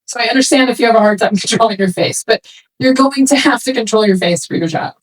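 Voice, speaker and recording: Husky-voiced woman speaking to parents. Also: a little high, quick pace, poor audio. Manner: conversational, animated, acts out quoted remarks. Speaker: swimming technical director speaking to parents. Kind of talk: talk to a parents' session. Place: room with an audience of parents.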